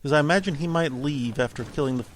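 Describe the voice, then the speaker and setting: A man talks through his gameplay in a loose, rambling way, amused at his own slips. His voice sits at an ordinary middle pitch. There is a faint hiss under the recording. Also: quick pace. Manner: rambling, self-amused, thinking aloud. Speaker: gameplay commentator. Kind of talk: casual let's-play commentary.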